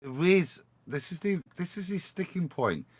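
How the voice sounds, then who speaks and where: A man cuts into the debate bluntly, his pitch swinging in a lively way. The sound is dry, with no room echo. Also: normal speed, breathy edge. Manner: interjecting, blunt. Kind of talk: casual debate on a live call.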